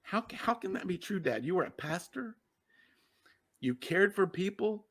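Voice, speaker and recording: A middle-aged man with a fairly high voice, speaking as a guest on a podcast. He tells a personal story in an earnest, emotional way. He often doubles back and repeats his words for emphasis. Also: lively intonation, moderate pace, a bit bright. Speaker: guest, success coach.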